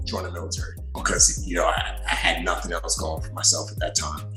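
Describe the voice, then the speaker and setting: A man from western Africa who grew up in New York, telling his story as a podcast guest in an animated way with many restarts. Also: deep voice, fairly quick, reverberant, soft background music. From western Africa, raised in New York City. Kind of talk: storytelling in a casual interview.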